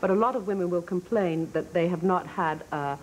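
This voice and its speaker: A middle-aged English woman, an author guest on a talk show, chatting in a lively, frank, playful way. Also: lowish voice, fairly quick, slight background noise, rough recording. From England. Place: TV studio with audience.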